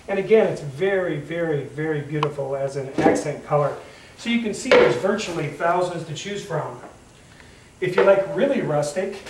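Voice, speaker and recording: A man's voice: a little high, far from the mic, background noise. A man, a wood finishing contractor, walks through finish samples in a plain-spoken, enthusiastic demonstration with many filler sounds. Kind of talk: casual product demonstration. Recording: echoey room, voice off-mic.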